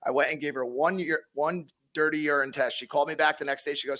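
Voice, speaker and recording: A man in his thirties from Connecticut speaks with a bright, forceful edge. His storytelling is blunt and full of swearing, and he often restarts his sentences as he pushes through the story. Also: fairly high pitch, steady tone, quick pace. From Connecticut, USA. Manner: blunt, heavy swearing, frequent repeats. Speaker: podcast guest. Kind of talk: casual podcast storytelling.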